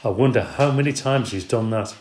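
A man voicing a calm, practical middle-aged husband, matter-of-fact, in a roomy echo. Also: medium pitch, a little fast, slight background noise, natural voice. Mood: reasoning.

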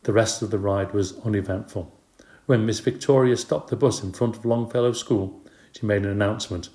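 Low-voiced man reading a storybook. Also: steady tone, a little fast, warm tone. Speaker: audiobook narrator. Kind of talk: storybook narration.

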